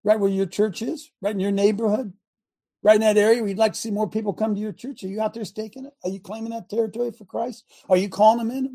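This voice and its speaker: Male radio host, fiery preacher, high husky voice. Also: steady tone, fast, dark tone. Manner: fervent, preachy, sarcastic. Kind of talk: preaching on a talk show.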